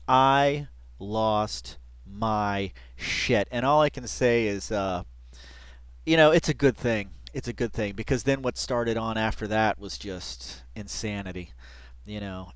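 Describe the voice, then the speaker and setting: A man's voice: lowish voice, measured pace, smooth, dry recording. A man giving casual reaction commentary, rambling with lots of fillers and bursts of laughter. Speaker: reaction video host.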